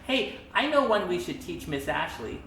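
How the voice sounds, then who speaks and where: A woman voicing small cheerful child puppets on a children's circle time show, giggly and halting with many ums. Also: on the low side, big pitch swings, gravelly, over a noisy crowd, voice pushed down. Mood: eager. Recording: roomy echo.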